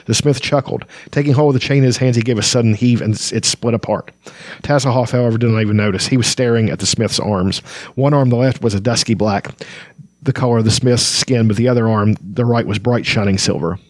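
A man's voice: mid-range voice, a little fast, no room sound, studio quality. A man who hosts a podcast, reading a fantasy novel aloud and chatting about it casually with frequent fillers. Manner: casual, hesitant, with many fillers. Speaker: book podcast host.

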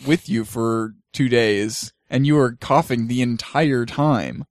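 A man's voice: medium pitch, slow pace, no room sound. Laid-back man hosting a gaming podcast. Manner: relaxed, laughs often, tells stories animatedly. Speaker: podcast host. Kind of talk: casual gaming podcast chat.

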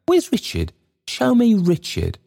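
A man voicing a grieving old male messenger who calls out in a high, plaintive voice. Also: steady tone, a little slow, mellow.

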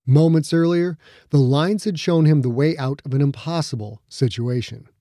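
A man reading an audiobook in a steady, measured storytelling voice on a close studio mic. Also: a little high, dry recording. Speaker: audiobook narrator. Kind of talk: scripted narration.

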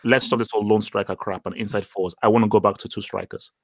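A man's voice: on the low side, fairly even intonation, fast talker, crowd noise. A man co-hosting a football podcast, talking in a blunt, fired-up rant. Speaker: podcast co-host. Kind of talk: casual chat.

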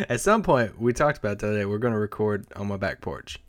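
A man's voice: on the low side, lively intonation, brisk, a bit bright, dry recording, studio quality. A man co-hosting a casual sports podcast, telling loose, rambling stories with lots of fillers and restarts. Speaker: podcast co-host, team site editor. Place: Dallas area.

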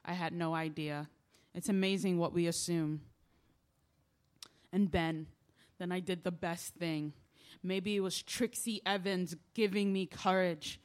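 A woman's voice: lowish voice, fairly even intonation, unhurried. A woman delivering a stage play monologue in a confiding, rambling and emotional way. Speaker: lead character in a stage play.

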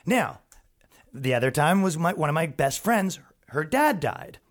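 A man's voice: fairly high pitch, unhurried. A young man hosting a podcast, ranting and telling funny stories in a loose, profane way, often acting out the people he quotes. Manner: animated, profane, quotes people in acted voices. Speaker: podcast host. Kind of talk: casual storytelling rant.

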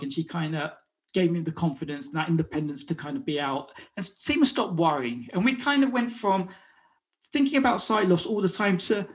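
A man, a guest talking openly in an interview, often repeating and restarting words and acting out what others said. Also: a little high. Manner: halting, repeats words, acts out quotes. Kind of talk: conversational interview.

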